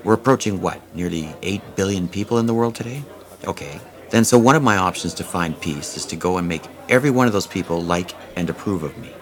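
A man's voice: sits low, animated, fast talker. A man narrating a first-person self-help reading in a candid, wry, conversational way, with casual swearing.

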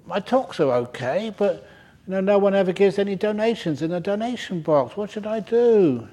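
A man's voice: sits high, expressive, moderate pace, dark tone, voice pushed up. A man voicing a worried young male monk asking for advice, in a slightly raised voice. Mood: fretful.

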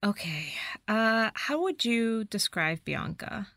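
A woman's voice: mid-range voice, sing-song, a bit bright, no room sound, studio quality. Playful woman retelling a movie plot. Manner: playful storyteller, narrates plot with quick acted-out quotes. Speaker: podcast co-host. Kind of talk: casual movie recap chat.

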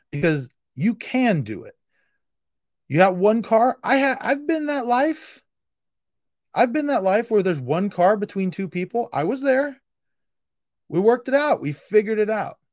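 Replying to a listener on his solo podcast, a high-voiced man gives an intense, emphatic pep talk of tough love, coming across as somewhat frustrated. It's studio-quality audio with no room sound.

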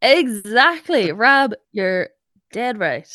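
A woman's voice: medium pitch, big pitch swings, unhurried, dry recording, clean studio sound. A woman co-hosting a podcast, retelling a folk tale in a chatty, gossipy way. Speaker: podcast co-host. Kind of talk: comic storytelling chat.

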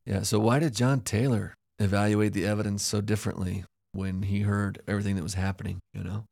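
A man's voice: on the low side, flat delivery, fairly quick, vocal fry, darkish tone, no room sound, clean studio sound. A man co-hosting a conversational podcast, recounting events reflectively with hedges and asides. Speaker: podcast co-host. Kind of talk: casual conversational history discussion.

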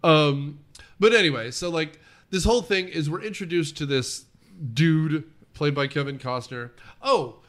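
A man co-hosting a casual movie-review chat, rambling with lots of fillers and quick laughs. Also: on the high side, fairly bright tone. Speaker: podcast co-host.

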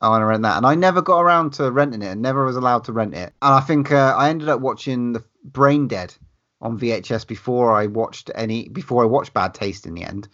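A man's voice: medium pitch, a little fast, a bit bright, muffled recording. A man co-hosting a casual film chat, enthusiastic and sweary, laughing between phrases. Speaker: podcast co-host.

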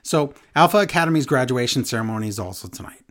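Sarcastic woman recapping with lively pitch. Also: fast. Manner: sarcastic, exasperated, mocks quotes in silly voices. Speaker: wrestling podcast co-host. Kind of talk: casual recap chat.

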